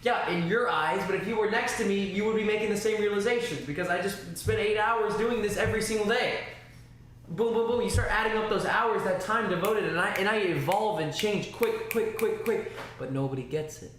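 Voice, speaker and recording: Animated man streaming in an echoey room. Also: high-pitched, a little fast, hardly any pauses. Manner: rambling, animated, with spoken sound effects. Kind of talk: casual livestream talk. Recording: very echoey room, faint noise.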